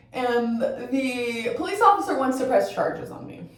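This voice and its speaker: A woman's voice: a little high, animated, measured pace. A woman from Colorado telling a story in a chatty, profane way while doing her makeup at home, often ending sentences with "right?". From Colorado, USA. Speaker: vlogger. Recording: very echoey room, voice from far off.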